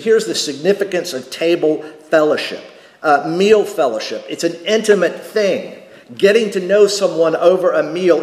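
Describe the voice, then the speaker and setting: In a church sanctuary, a man preaches a sermon as pastor, speaking emphatically and repeating key phrases for weight. His voice sits high and is a little mellow. The echoey hall gives the recording a long reverb.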